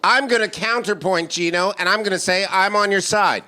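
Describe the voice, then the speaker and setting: A man's voice: high-pitched, brisk, sharp tone. A man co-hosting a comedy talk show, making playful teasing jabs. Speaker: co-host.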